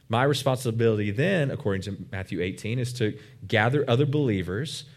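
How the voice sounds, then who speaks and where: A man's voice: medium pitch, lively intonation, brisk, few pauses. A man preaching a sermon as a pastor, earnest and emphatic, with frequent fillers and restarts.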